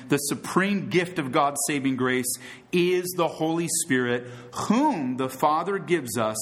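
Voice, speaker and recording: A man's voice: medium pitch, fairly bright tone. A man preaching a sermon as pastor, earnest and emphatic, asking his listeners rhetorical questions.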